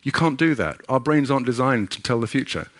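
A man's voice: mid-range voice, animated, fairly quick, a bit bright. A middle-aged man giving a sermon with a personal story, earnest and conversational, often restarting his sentences. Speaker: preacher.

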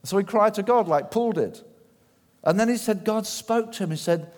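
Male preacher, lively rising and falling delivery, slightly high voice, long hall echo. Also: normal speed. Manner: animated, acts out quoted voices, shifts from loud to hushed. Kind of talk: sermon.

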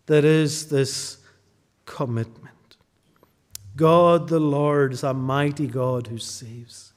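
A man preaching a sermon, drawing out key phrases and dropping to a hush at the ends of lines. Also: fairly high pitch, big-room sound. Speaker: pastor.

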